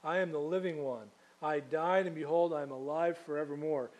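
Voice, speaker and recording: A man's voice: on the high side, fairly quick, a little mellow. A man preaching a sermon in a conversational way, asking the congregation questions and adding casual asides. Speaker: pastor.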